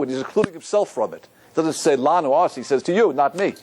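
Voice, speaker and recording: A man's voice: on the high side, lively intonation, fast talker, a little mellow, slight background noise. A man teaching a Torah class as a rabbi, quizzing his students and quoting Hebrew verses.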